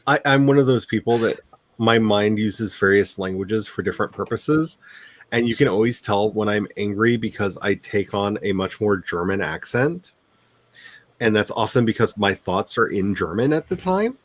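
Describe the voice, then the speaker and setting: A man's voice: fairly low pitch, normal speed. A man from the Ozarks who is an author, hosting a writing stream in a casual, rambling chat. He talks in a neutral voice that is not his natural one and laughs often.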